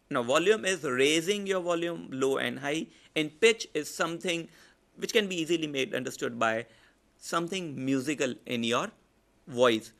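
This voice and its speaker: A man with an Indian English accent, a public speaking trainer giving a lecture and demonstrating shifts in volume, pitch and pace. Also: vocal fry. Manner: demonstrates loud, soft, fast and slow delivery. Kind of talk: online lecture.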